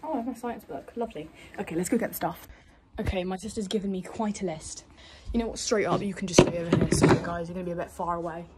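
A woman's voice: fairly low pitch, fast, heavy background noise. Chatty woman vlogging at home. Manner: chatty, rambling self-talk while getting ready. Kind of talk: casual vlog chat. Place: at home, indoors.

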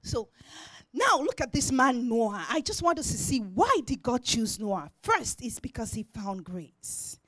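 A woman preaching a sermon in church, swinging from shouted declarations to near-whispers. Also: a little high, very animated, unhurried, no echo.

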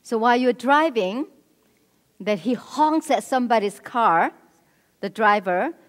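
A woman's voice: fairly high pitch, lively intonation, measured pace. Woman lecturing in an echoey church hall. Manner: instructive, repeats "right?" to the audience. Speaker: marriage seminar speaker.

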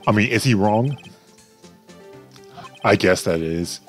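A young man hosts a game playthrough with loose, joking asides. His voice sits low, and faint music plays under his commentary. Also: slow pace, pauses often. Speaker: let's play host. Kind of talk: casual gameplay commentary.

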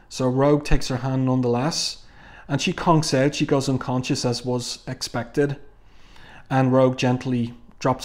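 A man's voice: medium pitch, darkish tone. A man casually reviewing a comic book and reading panels aloud, musing with frequent ums and restarts.

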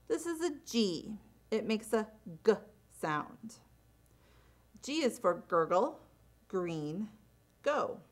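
A woman gives a phonics lesson at a very unhurried pace. She enunciates every letter sound and example word clearly, her pitch rising and falling in a lively way. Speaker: teacher. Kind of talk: slow, deliberate phonics instruction.

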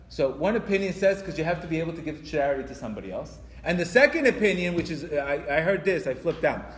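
A man giving a spiritual lecture to an audience. He talks in an animated way, stumbles through restarts and acts out quoted voices. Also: a little high, quick pace, hardly any pauses. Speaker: religious teacher. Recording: echoey hall with long reverb.

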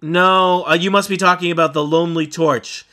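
A man voicing a gruff, weary small-town woman sheriff, drawling and world-weary. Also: on the high side, steady tone, moderate pace, sharp tone, voice pushed up.

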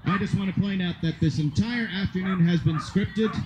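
A man's voice: high voice, normal speed. A man giving playful, rambling live commentary at an outdoor dog agility field. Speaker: event commentator. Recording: loud outdoor noise, dogs barking.

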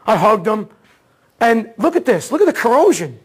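A man teaching an automotive diagnostics seminar, telling a case story in a casual, excitable way and acting out the dialogue. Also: high-pitched, normal speed, slightly rough. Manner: casual slangy talk, repeats words. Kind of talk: seminar lecture.

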